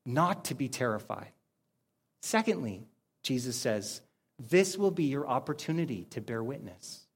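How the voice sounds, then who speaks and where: A man's voice: mid-range voice, very animated, slightly rough. A man preaching an informal sermon, repeating key phrases for emphasis and breaking into short acted-out exchanges. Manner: informal, acts out little dialogues in quick put-on voices. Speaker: pastor. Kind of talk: conversational sermon.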